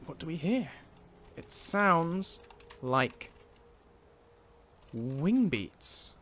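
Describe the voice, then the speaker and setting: A man's voice: on the high side, sing-song, drawn-out words, fairly bright tone, slight background noise. A man casually narrating and thinking aloud while playing a game, with fillers and self-corrections.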